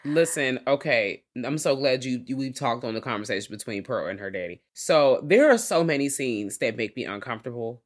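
A woman's voice: rumbling low, animated, fairly quick, few pauses. A woman chats through a film with her co-host in a loose, casual way. She swears easily. She slips into acted-out reactions as she goes. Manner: chatty, profane, acts out quoted reactions. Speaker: podcast co-host.

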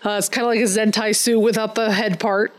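A podcast co-host in casual chat, riffing quickly and joking while recapping a story. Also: medium pitch, little pitch movement. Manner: chatty, quick to riff and joke.

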